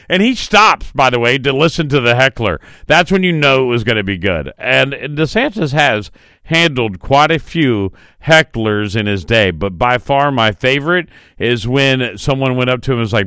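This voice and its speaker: A man in his forties hosting a morning radio talk show, telling stories in a lively, chatty way. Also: mid-range voice, moderate pace, clear, resonant tone, no echo, studio quality. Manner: animated storytelling, mimics quotes. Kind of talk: casual radio chat.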